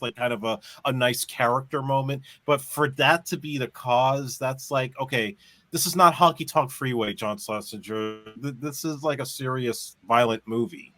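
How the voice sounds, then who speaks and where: A man's voice: medium pitch, a bit bright, no room sound. A man co-hosting a casual movie discussion podcast, making wry, sarcastic asides. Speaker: podcast co-host.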